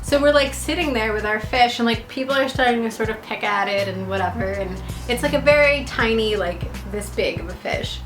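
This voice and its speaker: Talking a little fast with hardly any pauses, a young woman in a fairly high voice rambles through travel tales in a casual storytelling vlog. She's a vlogger and actor, chatty and laughing often, with heavy use of "like." Faint music and echo fill the room.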